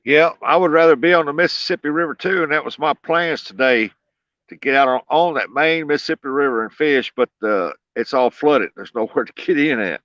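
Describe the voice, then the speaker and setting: A man's voice: fairly high pitch, fairly quick, fairly bright tone, no echo. A man, chatting casually with livestream viewers while fishing outdoors by a flooded river levee, folksy and laid-back with frequent chuckles. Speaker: livestream host. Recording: dull lo-fi, dry.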